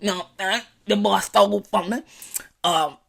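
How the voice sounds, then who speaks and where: A man's voice: high voice, steady tone, a little slow, gravelly, a bit bright, exaggerated voice. A man voicing a timid country boy who pleads with the police in a hesitant, mumbling way. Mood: meek pleading. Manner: mumbling, hesitant, full of ums and uhs.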